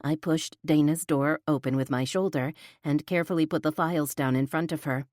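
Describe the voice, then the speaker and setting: A woman narrating a first-person romance audiobook with an expressive, flustered inner voice, close to the mic. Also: sits low, brisk, no echo.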